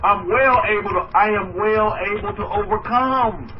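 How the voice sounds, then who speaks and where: A man preaching a sermon as a rabbi, animated, trading mock voices and asides with his listeners. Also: high voice, a little slow. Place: room with listeners. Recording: muffled distant mic with faint noise.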